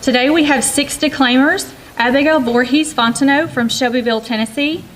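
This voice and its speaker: A woman teacher opens a school assembly with measured, polite announcements. Her voice sits on the high side. Faint room noise hangs in the background. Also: a bit bright, low-quality recording. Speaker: teacher hosting declamations. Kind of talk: formal announcements.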